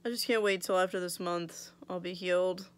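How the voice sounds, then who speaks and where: A woman's voice: lowish voice, steady tone, fairly quick. A young woman vlogging casually about her oral surgery recovery, blunt and full of "like", swearing freely, her mouth still swollen. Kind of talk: casual storytelling vlog.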